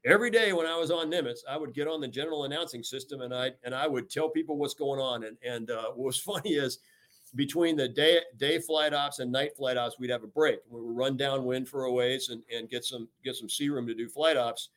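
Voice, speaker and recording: An older American man, a retired admiral, speaks as a guest in an interview. He talks energetically and emphatically, stressing key words and filling gaps with "you know". His voice sits at an ordinary pitch for a man. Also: a little fast, fairly bright tone. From United States. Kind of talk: podcast interview. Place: talking remotely from home or office.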